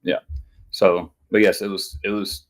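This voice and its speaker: A man co-hosting a podcast, chatting casually in a halting way with many fillers. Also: low-pitched, flat delivery. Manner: halting, full of fillers and "you know". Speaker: podcast co-host.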